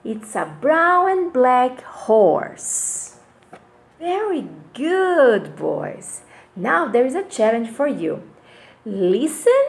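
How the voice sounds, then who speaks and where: A woman's voice: high-pitched, vocal fry. A woman teaching English to kindergarten children in an online class, speaking in an exaggerated, sing-song way and asking them many questions.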